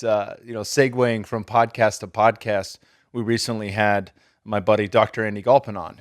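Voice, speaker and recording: Male podcast host, relaxed and profane, lowish voice, dry close sound. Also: no echo. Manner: loose and profane, swears casually. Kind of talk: casual podcast interview.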